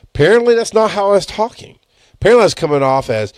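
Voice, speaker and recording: A man's voice: on the high side, lively intonation, quick pace, darkish tone, dry recording. Man, 30s, podcast host; profane, candid, rambling monologue into a dry close mic. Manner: blunt and profane, rambling with self-corrections. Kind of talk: casual solo podcast monologue. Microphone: headphones and studio mic.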